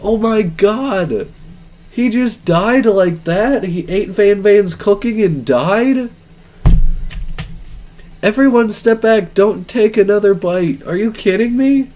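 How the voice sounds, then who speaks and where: A young man streaming a dating game, reading it aloud with excitable, joking reactions. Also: high voice, slow pace.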